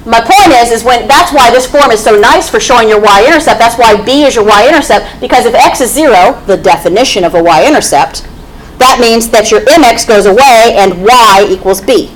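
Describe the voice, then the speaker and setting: A woman's voice: fairly high pitch, expressive, moderate pace, a little hiss or hum, low-quality recording. A woman teaching a math class, explaining step by step and often checking in with "okay?". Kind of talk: classroom lecture.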